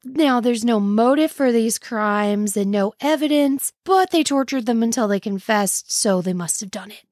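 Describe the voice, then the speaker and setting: A woman's voice: on the high side, normal speed, a little mellow, dry recording, clean studio sound. A woman hosting a casual history podcast, telling the story with wry, sarcastic asides. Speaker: podcast host.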